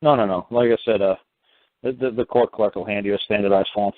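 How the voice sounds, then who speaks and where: Profane blunt guy lecturing callers, talks fast, tinny phone-line sound, dry. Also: on the low side, fairly even intonation, slight background noise. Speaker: host answering callers. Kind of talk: call-in radio talk.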